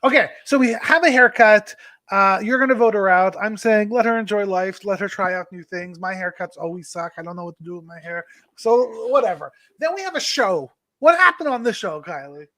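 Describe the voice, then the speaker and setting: A woman's voice: medium pitch, expressive, brisk, a bit bright. Woman podcast co-host, playful teasing manner, casual rambling talk. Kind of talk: casual chat.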